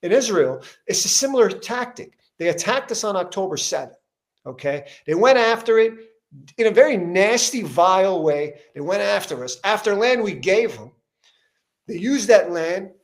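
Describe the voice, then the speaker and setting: In a heated, conversational interview with a politician, a podcast host speaks emphatically at a moderate pace, his high voice expressive. He keeps restarting and his intensity rises as he gets worked up.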